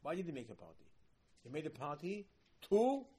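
A man giving a sermon, telling stories in an animated way, repeating phrases for emphasis and raising his voice in loud bursts. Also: fairly high pitch, quick pace, breathy edge. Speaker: rabbi teaching.

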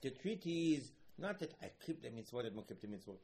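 A man of middle pitch leads an animated Torah class. He throws rhetorical questions and asides at his listeners. He acts out quoted speech with sudden loud, high-pitched bursts. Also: fast talker, creaky, hardly any pauses. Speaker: Torah teacher.

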